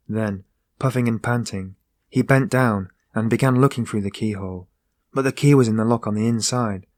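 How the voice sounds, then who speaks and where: A man narrating a classic novel as an audiobook, in a steady, measured reading. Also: on the low side, no room sound. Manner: steady, measured reading that rises into voiced dialogue.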